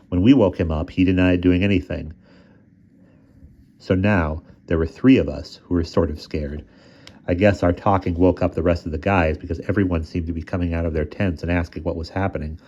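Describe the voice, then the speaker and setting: A man reading a children's novel aloud, narrating and acting out the boys' dialogue in raised, excited voices. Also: deep voice. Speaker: audiobook reader. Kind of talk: storybook narration. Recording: dull lo-fi recording.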